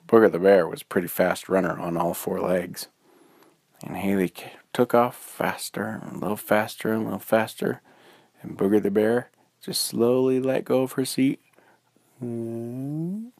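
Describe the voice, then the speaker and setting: Male bedtime storyteller, low gravelly voice with lively melody. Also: dry recording, clean studio sound.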